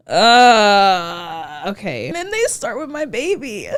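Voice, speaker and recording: A woman's voice: medium pitch, sing-song, slow pace, few pauses. A young woman, a student, chatting casually and emotively to camera as a reaction YouTuber, rambling with fillers and laughs.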